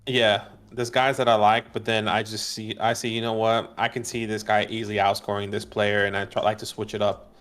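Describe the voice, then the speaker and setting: A man's voice: fairly low pitch, level tone, brisk, hardly any pauses, fairly bright tone. A man co-hosting a casual live stream, easygoing and teasing. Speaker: co-host of a fantasy football stream.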